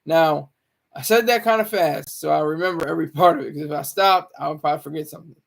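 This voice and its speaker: A man's voice: on the high side, fast, creaky. A man talking casually on a live stream, rambling with many stammered restarts.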